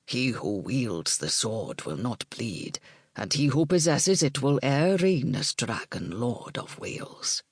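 A woman voicing an old male druid who speaks with slow, solemn courtesy. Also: mid-range voice, big pitch swings, slightly rough, no room sound, studio quality, pitched below the performer's own voice, exaggerated voice.

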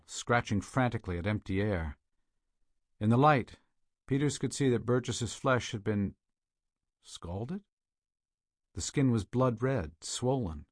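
A man narrating a thriller audiobook in a steady, measured way, on a close studio mic. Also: on the low side, no room sound.

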